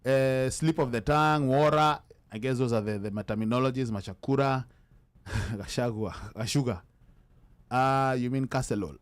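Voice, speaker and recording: A man's voice: medium pitch, moderate pace, smooth. A man with a Kenyan accent hosting a casual live-stream chat, switching freely into Sheng and reading out viewer comments as they come in. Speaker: host.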